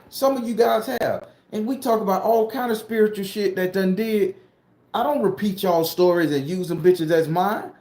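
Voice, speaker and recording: Southern florida guy ranting, cussing a lot, kinda high voice, echoey room. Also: a little mellow. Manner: heated, profane, blunt. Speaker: spooky-story vlogger and tarot reader. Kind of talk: casual ranting monologue to camera.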